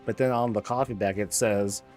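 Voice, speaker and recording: A man's voice: lowish voice, steady tone, normal speed, a little mellow, faint music behind. A man streaming, chatting casually, rambling and joking, swearing freely. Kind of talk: casual chat.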